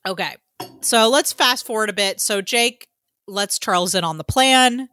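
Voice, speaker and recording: Podcast co-host, woman, chatty recap style; bright tone, dry close sound. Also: medium pitch, measured pace, no echo. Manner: chatty, acts out reactions in quotes, frequent "like". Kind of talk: casual chat recapping a TV finale.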